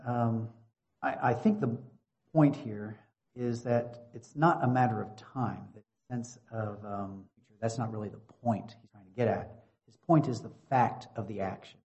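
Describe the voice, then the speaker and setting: A man preaching a Bible-teaching sermon, explaining calmly and then building to emphatic fervor. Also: medium pitch.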